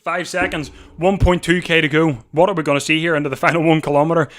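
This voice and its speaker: Man, fairly high voice, live watch-along host, breathless, excitable, repeats himself. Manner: breathless, rising to shouts at the finish; talks fast over the race, repeating himself. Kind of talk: excited live race commentary. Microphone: desk mic.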